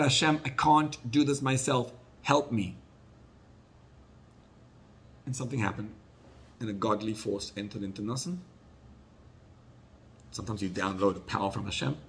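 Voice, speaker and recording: A male rabbi telling a story in a sermon, acting out the people he quotes and dropping his voice low for sad moments. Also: fairly quick, long pauses, slight background noise.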